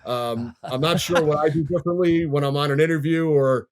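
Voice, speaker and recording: A man in his fifties from Long Island, New York, a sports broadcaster telling his story in a measured, easygoing way as a podcast guest. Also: fairly high pitch, fairly even intonation. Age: 50s.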